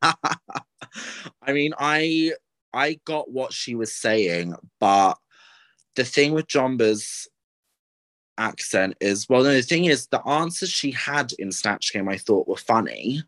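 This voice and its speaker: A man's voice: medium pitch, expressive, slow pace, pauses often, a bit bright. A young man co-hosting a podcast in casual, rambling chat, full of ums and likes. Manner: rambling, filler-heavy. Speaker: podcast co-host.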